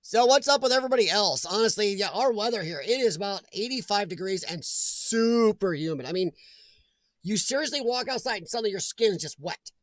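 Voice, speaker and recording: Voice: mid-range voice, expressive, fairly quick, no echo. Chatty livestream host, dry close sound. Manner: chatty, laughs often, greets viewers by name. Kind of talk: casual livestream chat. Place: at home.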